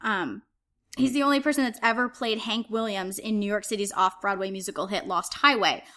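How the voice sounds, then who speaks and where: A woman's voice: medium pitch, fairly quick, bright, forceful tone. A woman co-hosting a casual theater podcast, chatty and enthusiastic, teasing her partner. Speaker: podcast co-host. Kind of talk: casual chat about upcoming theater shows.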